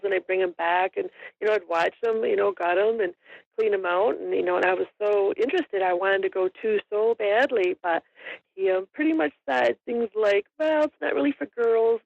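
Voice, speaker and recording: A middle-aged woman chats as a podcast guest, her voice carrying a gravelly rasp. She rambles along with frequent ums and small laughs. The audio is dry, close and a little muffled. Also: medium pitch, no echo. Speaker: guest, hunter and store owner. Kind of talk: casual storytelling in an interview.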